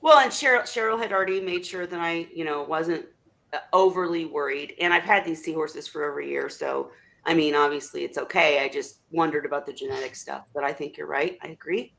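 A woman's voice: low voice, fairly quick, creaky. Chatty woman host on a video call. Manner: chatty, rambling, animated. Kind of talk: casual video chat.

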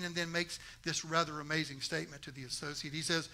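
A male pastor preaching a sermon, animated and conversational, acting out quoted voices and making jokey asides to the congregation. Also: a little high, fast talker, hardly any pauses.

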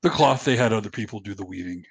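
A man playing a tabletop role-play game, switching between narrating his character and speaking as him in a halting way. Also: lowish voice, creaky, slightly rough, no room sound. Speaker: player.

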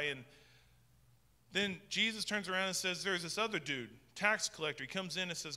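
A man delivering a casual, conversational sermon in a church. His voice sits high and sounds piercingly bright, and he stumbles into frequent restarts. The sound carries a long reverberant tail from the hall. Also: moderate pace. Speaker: pastor.

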